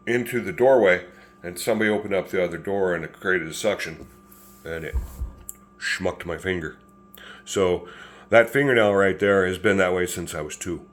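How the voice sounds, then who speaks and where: A man in his fifties with a lowish voice spins a casual story to camera. He rambles in a folksy way, restarting sentences and chuckling as he goes. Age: 50s.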